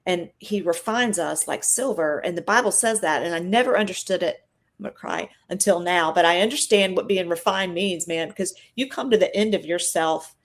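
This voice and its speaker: A woman's voice: lowish voice, normal speed, few pauses. Earnest woman sharing a testimony. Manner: earnest, emotional testimony, chatty. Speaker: guest. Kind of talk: live-stream conversation.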